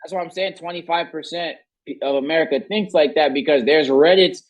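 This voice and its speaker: A young man riffs at length on a casual podcast, stacking slang and cursing as he circles his point. His voice sits a little high. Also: a little fast, poor audio. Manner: rambling, emphatic, heavy slang and profanity. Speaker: podcast host. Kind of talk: casual chat.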